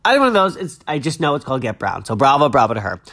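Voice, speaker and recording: A man's voice: medium pitch, sing-song, rapid-fire, a bit bright. A young man hosting a podcast, chatting casually and reading news aloud in a gushing, dramatic way, a little stuffy-nosed. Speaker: podcast host.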